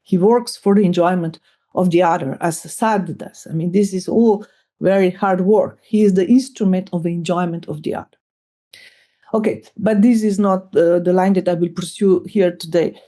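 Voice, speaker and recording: A middle-aged woman with a Slovenian accent gives an academic lecture in a warm, mid-range voice. She speaks in a measured way, often using fillers and restarting sentences.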